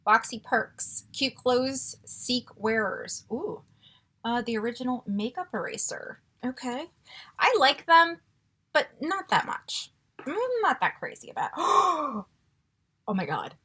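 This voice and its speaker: Gushing, animated woman with a breathy voice. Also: fairly high pitch, unhurried. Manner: gushing and excitable, gasping often. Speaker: beauty vlogger. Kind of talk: casual unboxing chat.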